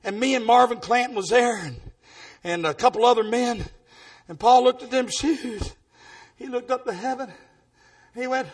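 A man preaching, telling folksy stories with exuberant shouting bursts and a husky voice. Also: very high-pitched, normal speed. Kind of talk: storytelling sermon testimony.

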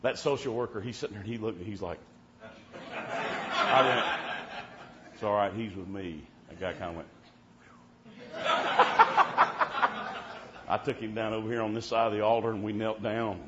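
A man preaching a sermon in a folksy storytelling way, dotting his talk with amen and swinging between loud and hushed. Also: fairly low pitch, steady tone, a little fast. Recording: muffled lo-fi with faint hiss.

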